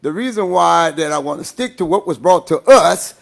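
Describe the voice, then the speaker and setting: A man from Louisiana, hoarse and losing his voice, making an urgent, emphatic public comment at a school board meeting while rushing against a time limit. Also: a little high, lively intonation.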